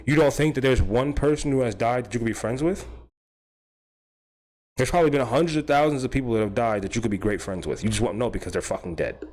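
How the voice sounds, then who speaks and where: A man's voice: medium pitch, fast, darkish tone. A man hosting a stream, rambling through a casual comedic rant, swearing freely and laughing at his own jokes. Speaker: stream host.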